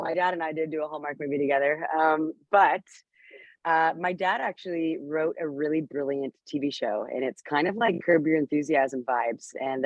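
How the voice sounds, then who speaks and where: A woman's voice: sits low, no room sound. Actress guest, woman, bubbly and laughing, over a muffled and dry video call. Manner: bubbly, laughs often, filler-heavy.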